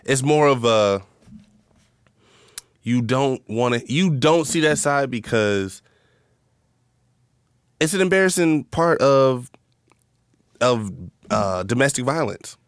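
A man co-hosting a casual chat, relaxed and laughing often, thinking aloud as he talks. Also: mid-range voice, slow, pauses often, smooth, no room sound, clean studio sound.

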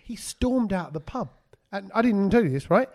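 A man hosting a casual podcast chat, telling an animated story and acting out his friends' lines. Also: high voice, brisk. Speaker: podcast host.

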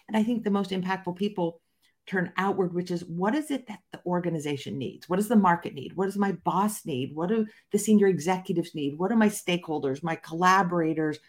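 A woman's voice: on the low side, fairly quick. A woman guest in a conversational interview, explaining her research fluently and with emphatic stresses.

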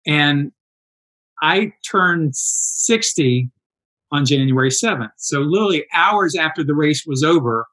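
A man in his sixties telling stories in a casual interview, animated and acting out quoted dialogue. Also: a little high, measured pace, rough recording. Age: 60s. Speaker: interview guest, endurance athlete.

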